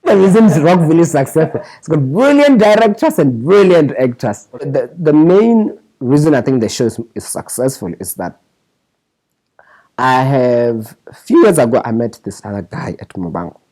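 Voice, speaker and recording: Lively, husky-voiced man telling stories. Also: a little high, moderate pace, low-quality recording. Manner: animated, restarts phrases, mimics others' voices in quotes. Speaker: scriptwriter guest. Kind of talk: candid interview storytelling.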